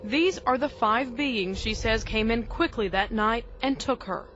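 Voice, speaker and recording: Female news reporter voice-over; fairly high, measured; muffled broadcast sound with soft music. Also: slight background noise. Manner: measured, even reporting delivery. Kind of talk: scripted news narration.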